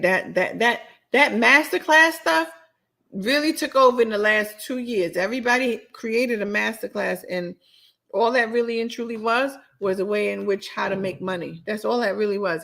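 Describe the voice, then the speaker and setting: A woman's voice: mid-range voice, normal speed, creaky, a bit bright. A woman hosting her own podcast, ranting bluntly and sassily in a solo show while answering her live chat. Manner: blunt, sassy, repetitive ranting. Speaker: podcast host.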